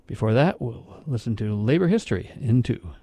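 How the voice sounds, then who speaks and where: A man with a dark, mellow voice hosts a community radio program from a dry studio. He talks in a casual, unhurried way, often pausing on fillers. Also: medium pitch, expressive, no room sound. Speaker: radio host.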